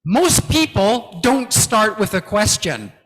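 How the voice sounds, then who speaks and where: A man giving a guest lecture to academics, teaching slowly and emphatically and often checking in with "okay?". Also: sits high, big pitch swings, a bit bright. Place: large lecture hall. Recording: long hall reverb.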